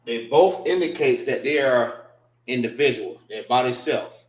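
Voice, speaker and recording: Man teaching a class, slow and patient, keeps repeating stuff, room echo. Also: mid-range voice, lively intonation. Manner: patient, repeats words slowly, spells them out. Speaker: class instructor. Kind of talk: classroom lesson on writing and pronunciation.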